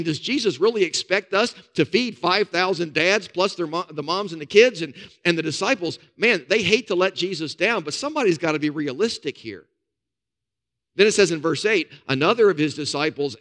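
A male pastor gives a sermon in a relaxed, folksy storytelling way. His voice sits fairly high for a man, and he sprinkles in casual asides. On key points he goes quiet and low. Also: moderate pace.

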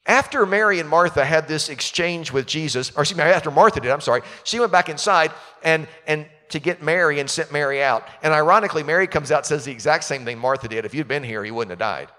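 A man's voice: on the high side, quick pace, hardly any pauses, sharp tone. A man preaching a sermon as pastor, talking conversationally and asking his listeners questions. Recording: long reverb of a large hall.

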